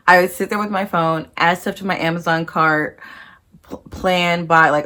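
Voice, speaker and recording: A woman's voice: lowish voice, measured pace, fairly bright tone. A young woman vlogger chatting casually to her viewers, rambling through her thoughts with plenty of asides. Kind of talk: casual chat to camera.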